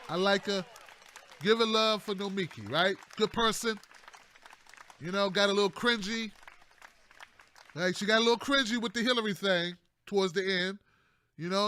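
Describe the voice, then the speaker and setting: A male host giving casual political commentary in a loose, joking way. His voice is high and bright, with a pointed edge. The sound is dry and close, with no room echo. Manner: loose and conversational, keeps adding "man" and "y'all", jokey asides.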